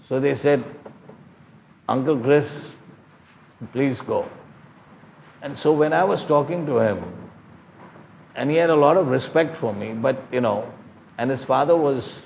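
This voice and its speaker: A man's voice: mid-range voice, a little slow, gravelly, pauses often, a little mellow, a little hiss or hum. An older man preaching a sermon, pleading and emphatic, telling stories to his listeners.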